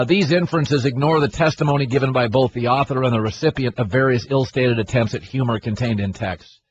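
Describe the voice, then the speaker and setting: A man's voice: on the high side, dull audio, slight background noise. A man hosting a sports radio show, ranting and sarcastic in disbelief. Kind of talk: opinionated sports talk.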